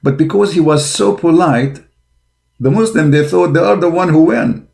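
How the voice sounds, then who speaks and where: This religious polemic commentator is a man with a fairly high, creaky, darkish voice at a normal pace. His monologue is combative, blunt and scornful, delivered in emphatic English with broken grammar.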